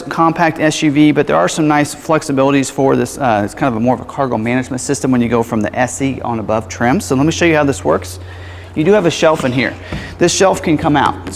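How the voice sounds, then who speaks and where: A man at a dealership walks around a vehicle and talks it through in an easygoing, explanatory way, often pausing on fillers and correcting himself mid-sentence. His voice sits at an ordinary middle pitch. The sound has a long, echoey reverb and a faint background noise, picked up by a camera mic that follows him around the car. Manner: casual, explanatory, frequent fillers and self-corrections. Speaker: car salesperson. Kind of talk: vehicle walkaround demonstration.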